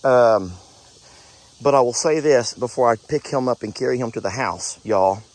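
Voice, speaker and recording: A man's voice: medium pitch, normal speed. A man, talking on an emotional farm vlog, cooing tenderly at an injured animal and choking up as he talks to viewers outdoors at night. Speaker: goat farmer vlogger.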